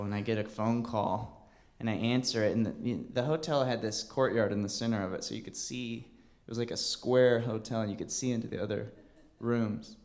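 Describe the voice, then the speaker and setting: A man's voice: fairly low pitch, a little mellow. A man telling a rambling, self-deprecating story on a comedy stage, with many hesitations. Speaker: stand-up comedian. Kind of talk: stand-up storytelling.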